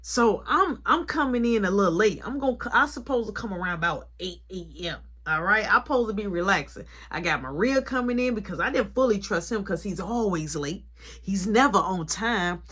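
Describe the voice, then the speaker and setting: A young woman store manager telling a story in an animated, colloquial way. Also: medium pitch, fairly quick, breathy edge. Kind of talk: casual storytime vlog.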